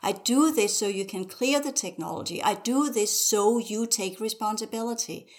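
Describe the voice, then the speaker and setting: A woman teacher talks as a podcast guest in a medium-pitched voice. She presses her listeners hard with one rhetorical question after another. She sounds urgent and exhorting. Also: normal speed. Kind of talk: podcast conversation.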